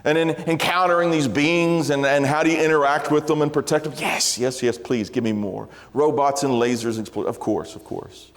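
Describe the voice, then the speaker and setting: A man's voice: a little high, moderate pace, hardly any pauses. A man preaching a sermon in an earnest, conversational way, with light self-deprecating humor. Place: large church sanctuary. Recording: long hall reverb.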